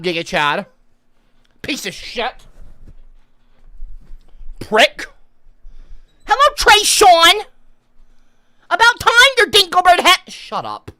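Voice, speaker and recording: Loud, lively, profane woman streamer. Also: very high-pitched, slow pace, pauses often, no echo. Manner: profane, with sudden shouted outbursts; bossy, lecturing tone. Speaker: livestreamer. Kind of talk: comedic livestream rant.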